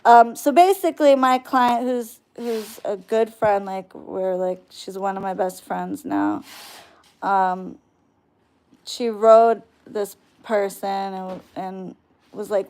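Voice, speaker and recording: Smooth-voiced woman ranting bluntly. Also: mid-range voice, animated, takes it slowly, long pauses, darkish tone. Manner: blunt and profane, with many fillers. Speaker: spiritual worker and business owner. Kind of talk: casual vlog rant.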